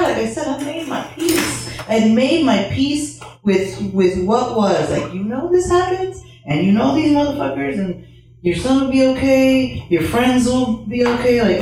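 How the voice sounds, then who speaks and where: In a very echoey room, some way from the mic, a woman from Chicago tells a personal story on stage. Her fairly high, slightly mellow voice is blunt, profane and candid, broken up by laughing asides, with a little hiss or hum present.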